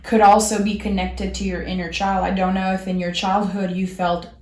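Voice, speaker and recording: A woman's voice: medium pitch, level tone, normal speed, darkish tone, reverberant. A woman with a French accent giving a tarot reading, speaking earnestly and reassuringly straight to the viewer. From France. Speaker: tarot reader.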